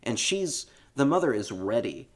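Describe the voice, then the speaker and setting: A man co-hosting a podcast, retelling a film scene by scene in a relaxed, laughing, casual way. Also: medium pitch, moderate pace. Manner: relaxed storytelling, laughs often, swears casually. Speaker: podcast co-host. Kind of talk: casual film recap chat.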